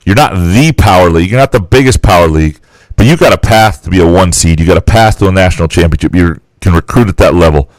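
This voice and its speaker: A man with a very low voice hosts a casual sports podcast. He thinks aloud in brisk, opinionated bursts. The sound is dry and close to the mic. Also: no room sound, poor audio. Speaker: podcast co-host.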